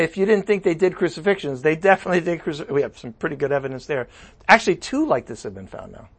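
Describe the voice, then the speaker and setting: A male pastor preaching a sermon with animated, conversational asides. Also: on the high side.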